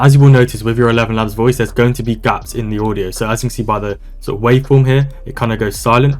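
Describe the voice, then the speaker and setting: Man, low voice, rapid upbeat walkthrough, casual coach tone, faint background music. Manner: brisk, casual, upbeat instructional talk. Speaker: online business coach. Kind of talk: screen-recorded software tutorial. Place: voice-over on a screen recording.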